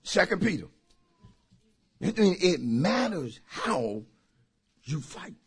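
Animated preacher man. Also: sits high, slow, slightly rough. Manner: animated preacher, shouting and laughing with the congregation. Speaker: pastor. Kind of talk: sermon.

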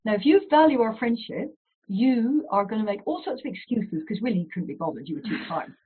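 Husky woman, psychologist guest on a call. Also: on the high side, a little fast. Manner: animated, acts out little dialogues. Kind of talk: explanatory interview talk. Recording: phone-like remote call audio.

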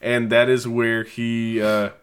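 A man's voice: mid-range voice, monotone, takes it slowly, smooth. Man recapping a film plot. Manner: explains plot points at length, laughs easily. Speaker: podcast co-host. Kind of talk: casual film recap chat.

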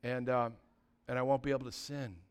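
A man preaching a sermon, reading scripture and telling casual stories, swinging between loud proclaiming and quiet confiding asides. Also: medium pitch, little pitch movement, a little fast, clear, resonant tone. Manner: casual storytelling with fillers.

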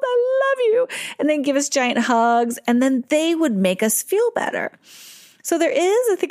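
A middle-aged woman hosting a podcast, giving parenting advice in a calm, reflective way and slowing down on key words. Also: medium pitch, dry recording, clean studio sound. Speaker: parent educator and podcast host.

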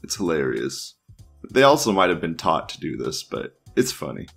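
A man's voice: rumbling low, sing-song, moderate pace, vocal fry, fairly bright tone, soft background music. A man hosting an online news show, casually reading forum posts aloud and riffing on them in a crude, rambling way, laughing often and restarting his sentences.

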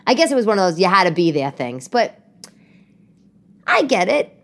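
A woman's voice: medium pitch, big pitch swings, normal speed, creaky, slight background noise. A middle-aged woman from New York hosting a casual solo podcast, rambling through comic stories and asides. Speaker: podcast host.

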